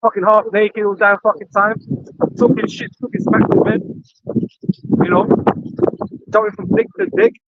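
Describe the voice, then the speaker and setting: A man's voice: high-pitched, sing-song, normal speed, creaky, long pauses, no room sound, narrow, tinny audio. A man speaking heatedly in a religious camp talk, cursing and ending lines with "man" and "you know". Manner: angry, profane, repeats "man" and "you know".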